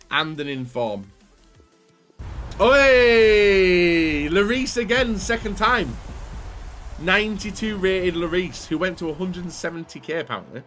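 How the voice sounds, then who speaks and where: An excitable young man commentating pack openings in a high, bright voice that leaps wildly up and down. He talks slowly between bursts, calls his viewers "guys", and yells at big pulls. Faint music plays behind him. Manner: excitable, yelps and shouts at the screen. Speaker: YouTuber.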